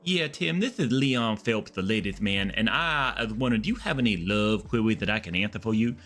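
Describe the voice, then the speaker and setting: A man's voice: on the low side, expressive, moderate pace, fairly bright tone, soft background music. A man doing a suave, crooning ladies' man. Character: smooth adult male ladies' man, suave and flirty.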